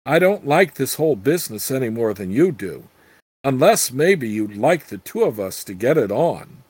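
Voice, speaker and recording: A man's voice: medium pitch, sing-song, moderate pace, darkish tone, slightly rough, no echo. A man voicing a crude, scheming old female witch with brash, earthy talk.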